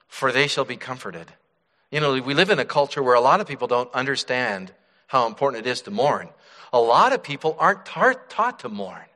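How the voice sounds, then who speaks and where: A middle-aged male pastor preaching a sermon, dropping to soft hushed tones and then rising with emphasis. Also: medium pitch. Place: church sanctuary. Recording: church hall reverb.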